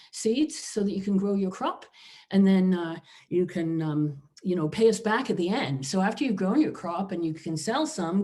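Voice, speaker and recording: A woman's voice: lowish voice, dark tone. A woman professor giving a conversational philosophy lecture over a video call, often adding asides to the audience. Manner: informal, frequent "you know" and "right?" asides.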